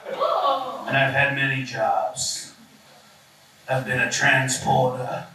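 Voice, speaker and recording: A man playing a retired orc barbarian, soft-spoken and deadpan. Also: medium pitch. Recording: echoey club from far off, noisy.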